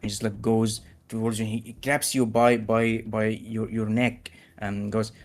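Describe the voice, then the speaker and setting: A man narrating a tabletop game as game master, halting and full of fillers. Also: on the low side, level tone. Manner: halting, many fillers and restarts.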